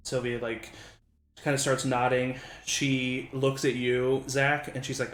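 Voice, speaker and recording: A man's voice: medium pitch, level tone, unhurried, fairly bright tone, echoey room, soft background music. A man narrating as game master for a tabletop game, rambling with many fillers.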